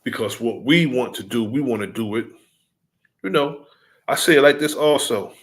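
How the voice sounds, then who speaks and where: A man addressing his followers in a deliberate, preaching cadence, repeating his key points. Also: mid-range voice, lively intonation.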